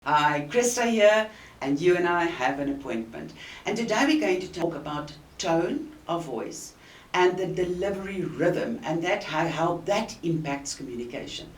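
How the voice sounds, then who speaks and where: A woman with a South African accent giving an earnest, emphatic coaching talk to the camera, with deliberate pauses. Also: fairly low pitch, expressive. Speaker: communication coach. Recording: roomy and distant with faint hiss.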